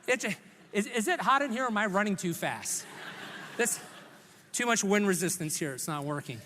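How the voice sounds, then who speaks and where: A man from Hawaii giving a humorous commencement speech in a large church hall, telling a story in an animated, self-mocking way and voicing his own thoughts. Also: very high voice, slight background noise. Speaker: commencement speaker. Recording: echoey recording in a large hall.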